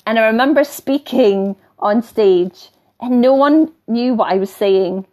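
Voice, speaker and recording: Slightly high and slightly slow, her voice carries a softened Scottish accent. This middle-aged woman is a spiritual teacher on a live stream, reading comments and coaching viewers while digressing and often laughing.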